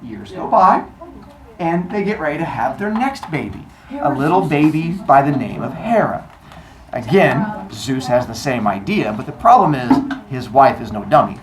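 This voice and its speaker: A woman retelling a myth in a lively comic way, joking and quizzing her listeners. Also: low voice, normal speed, a crowd in the background. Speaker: storyteller. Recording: echoey room, noisy.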